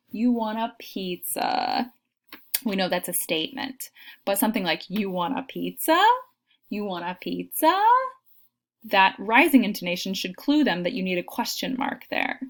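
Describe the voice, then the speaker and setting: A woman giving a recorded lecture on teaching, explaining steps with frequent fillers and spoken examples. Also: mid-range voice. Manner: explanatory, frequent ums, demonstrates intonation aloud. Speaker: teacher trainer.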